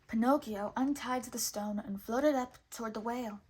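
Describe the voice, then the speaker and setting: A woman reading a children's storybook aloud in clear, measured narration. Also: on the high side, darkish tone, slight background noise. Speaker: storybook reader.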